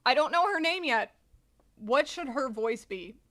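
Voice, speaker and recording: A woman with a high voice chats casually on a live stream while reading a comic aloud. She talks at a slow, unhurried pace, swears offhandedly and laughs a lot, speaking close to a desk microphone. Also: lively intonation, fairly bright tone.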